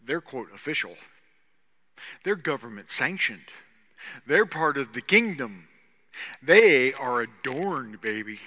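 A man preaching a sermon with animated storytelling, dropping to hushed asides and rising to shouts, with sarcastic humor. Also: mid-range voice, a little slow, in a large hall. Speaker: pastor.

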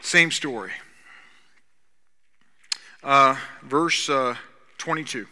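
A man preaching a sermon as pastor, talking conversationally and swinging between loud stretches and hushed ones. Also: medium pitch, extremely slow. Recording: long reverb of a large hall.

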